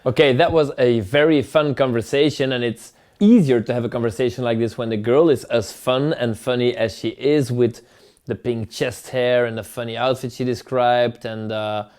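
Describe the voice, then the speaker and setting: A man's voice: mid-range voice, fairly even intonation, moderate pace, a little mellow. A man hosting a show, reading viewers' dating chats aloud and commenting with wry, teasing humor. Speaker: host rating viewers' dating texts. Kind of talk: playful commentary reading chat messages aloud.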